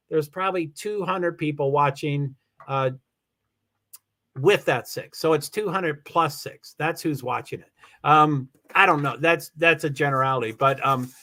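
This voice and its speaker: A man's voice: fairly high pitch, fairly bright tone. A man hosting a livestream, chatting casually and rambling as he reads viewer comments and thanks people with frequent restarts. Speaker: livestream host.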